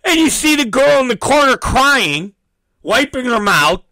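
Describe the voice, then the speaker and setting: A man hosting a talk show, telling a story in a profane, animated rant and acting out the people in it. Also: very high-pitched, measured pace, dry recording, rough recording. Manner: profane, acts out quoted voices. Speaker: podcast host.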